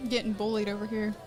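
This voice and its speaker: A woman co-hosting a live sports stream, teasing her partner with dry, quick short replies. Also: mid-range voice. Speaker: co-host.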